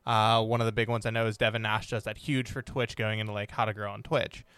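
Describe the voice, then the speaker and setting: A man's voice: lowish voice, flat delivery, quick pace, a bit bright, clear, resonant tone, dry recording. A young adult man hosting a casual interview, chatty and loose with frequent ums and restarts. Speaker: podcast host.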